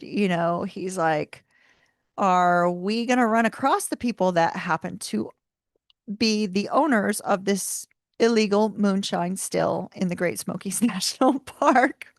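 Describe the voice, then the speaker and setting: A woman in her fifties, from the United States, telling a long personal story in a chatty, animated way with frequent asides, as host of her livestream. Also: mid-range voice, no echo, studio quality. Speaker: tarot channel host.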